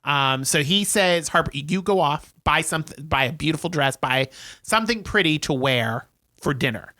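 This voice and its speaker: Podcast co-host, male, bright and forceful tone, rambling casual film recap full of "um"s and quoted lines. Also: fairly high pitch, expressive, normal speed, no room sound. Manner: rambling retelling with many fillers and acted-out quotes.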